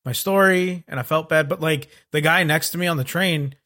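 A man's voice: a little high, moderate pace, pushed and bright. A man on a casual podcast telling meandering stories in a laid-back way. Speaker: podcast co-host.

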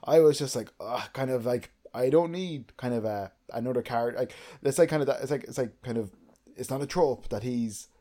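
This is a young man talking loosely through a podcast conversation. He talks at a middle pitch and rambles through many fillers. He gets animated when something excites him. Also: fairly quick. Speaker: podcast co-host. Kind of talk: casual chat.

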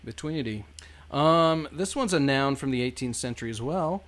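Amused male podcast host, mid-pitched. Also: animated, normal speed, a bit bright. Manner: amused, quizzing, laughs easily. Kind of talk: casual chat.

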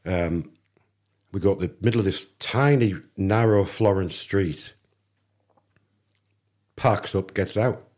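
English male guest, low and husky, chatty anecdote teller voicing the other people. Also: takes it slowly, pauses often. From England. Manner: animated anecdote teller, acts out dialogue. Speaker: podcast guest. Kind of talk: casual storytelling.

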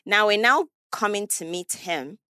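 A woman chatting as a podcast guest, telling animated stories and laughing often. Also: medium pitch, moderate pace, clean tone, dry recording. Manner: animated storyteller, acts out quotes, laughs often. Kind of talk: casual podcast chat.

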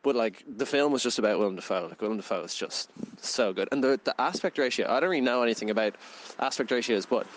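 A young man in his twenties talks casually about films, circling his points with plenty of "like" and small laughs. His voice sits in a middle pitch, and faint background noise runs under the recording. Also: animated, fast, few pauses, poor audio. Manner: rambling, full of "like" fillers, laughs often. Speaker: podcast co-host, film reviewer. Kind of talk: casual film review chat.

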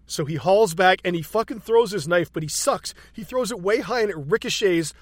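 A man with a high, lively voice retells movie scenes in casual chat. He swears freely and breaks into laughter. The sound is close and dry. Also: normal speed, no room sound.

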